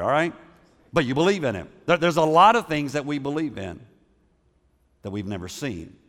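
A man's voice: medium pitch, big-room sound. A man preaching a sermon in a conversational way, often repeating words and putting questions to the congregation. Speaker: pastor.

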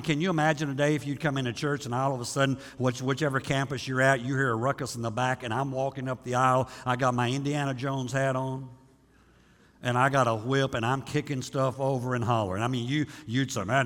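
A man delivers a folksy, conversational sermon as pastor, restarting his phrases as he goes. His voice sits at an ordinary middle pitch. The sound carries the long reverb of a church sanctuary. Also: fairly bright tone.

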